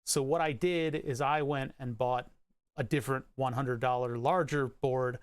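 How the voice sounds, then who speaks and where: A man's voice: medium pitch, fairly even intonation, moderate pace, smooth, dry recording. A man streaming live, rambling about electronics in casual, profane chat with frequent restarts and hiccups. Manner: rambling, profane, self-interrupting.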